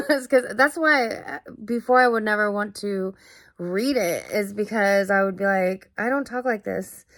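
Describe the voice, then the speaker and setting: Slow, halting woman musing aloud. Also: fairly high pitch, fairly bright tone, no echo. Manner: halting, full of fillers and restarts; earnest and searching. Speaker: vlogger. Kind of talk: casual personal monologue.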